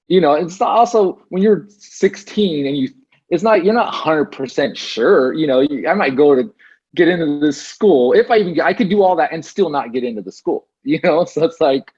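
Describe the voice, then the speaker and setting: A man's voice: on the high side, lively intonation, moderate pace, darkish tone, slightly rough, highs cut off. A man as an interview guest, telling his story casually with many fillers and restarts over a video call. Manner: rambling with frequent fillers and restarts.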